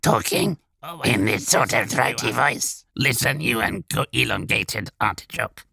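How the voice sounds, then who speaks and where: A man voicing an irritable male goblin with a throaty, raspy voice and rough grammar. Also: medium pitch, measured pace, bright, forceful tone, no echo, studio quality, voice pushed up, exaggerated voice.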